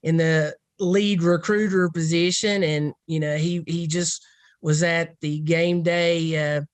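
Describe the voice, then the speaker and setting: A woman's voice: fairly low pitch, steady tone, slow, no echo. A woman football recruiting analyst in a casual podcast discussion, rambling and thinking aloud.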